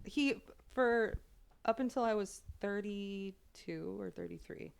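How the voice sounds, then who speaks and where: Podcast co-host, woman in her 30s, swears a lot, lively storyteller who laughs easily. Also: mid-range voice, gravelly, smooth. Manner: profane, animated, quick to laugh. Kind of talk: casual storytelling chat.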